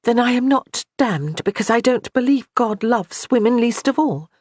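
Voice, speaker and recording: A man reading as a troubled young noblewoman who asks soft, earnest questions. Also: very high-pitched, expressive, moderate pace, no room sound, clean studio sound, pitched above the performer's own voice.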